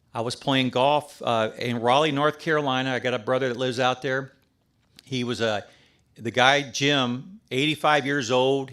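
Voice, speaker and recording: Folksy, emphatic priest. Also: male voice, on the high side, a bit bright. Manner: folksy and emphatic, with restarts and asides. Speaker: priest giving a talk. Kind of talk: conversational sermon.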